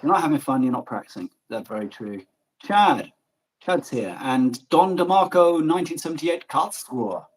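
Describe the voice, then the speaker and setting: A man from Germany hosts a casual morning chat stream. He talks in an animated, gobby way and swears without a second thought. His voice is husky and sits a little high. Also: normal speed, poor audio. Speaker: livestream host.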